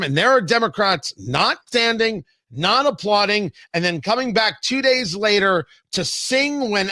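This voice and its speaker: A man hosting a political talk show, opinionated and brisk, stumbling over his words now and then. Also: high-pitched, sharp tone, no echo. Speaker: radio talk show host.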